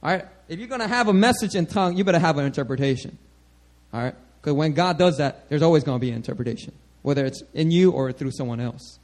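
A man preaching a sermon to a congregation, animated and conversational, often checking in with "all right?". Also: on the high side, fast. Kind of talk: sermon teaching.

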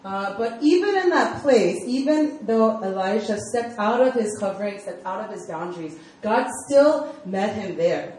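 A woman's voice: mid-range voice, animated, moderate pace, few pauses, darkish tone. Chatty young woman preaching in an echoey hall. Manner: chatty storytelling full of fillers. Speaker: speaker at a church youth group. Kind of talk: casual sermon. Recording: echoey room, mic far off, faint ambience.

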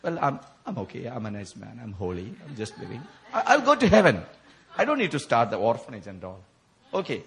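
A man's voice: medium pitch, wildly swooping pitch, fairly quick, creaky, fairly bright tone, slightly rough. A man preaching a sermon in a church, telling his story with emotion, laughs and sudden outbursts. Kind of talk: sermon at a prayer meeting.

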